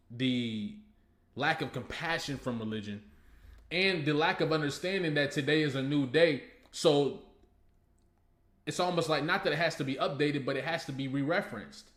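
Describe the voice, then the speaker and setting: A man's voice: medium pitch, a bit bright. A man hosting a reaction video, breaking down a rap song in casual, slangy and profane talk, often restarting his sentences and using fillers. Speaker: host reacting to a rap track. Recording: roomy echo, faint music behind.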